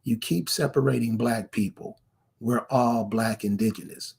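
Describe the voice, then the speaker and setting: Gravelly, slow-talking man ranting. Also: medium pitch, darkish tone. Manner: confrontational, fires rhetorical questions at the viewer. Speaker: online commentator. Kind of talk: ranting commentary to camera.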